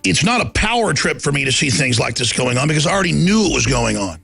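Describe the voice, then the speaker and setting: Gravelly, raspy man ranting on air. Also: a little high, big pitch swings, fast talker, soft background music. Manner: emphatic, swings from quiet storytelling to loud defiance; acts out quoted people in the stories. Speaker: talk show host. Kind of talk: impassioned broadcast monologue.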